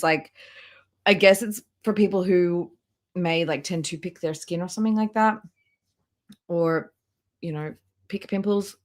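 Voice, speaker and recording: Woman, reaction commentary, catty asides, fairly low voice for a woman. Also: a bit bright. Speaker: reaction streamer.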